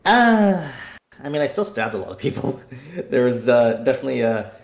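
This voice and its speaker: Animated man retelling game stories in an echoey room. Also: medium pitch, normal speed, vocal fry. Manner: animated storyteller acting out scenes. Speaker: guest player. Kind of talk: casual podcast chat.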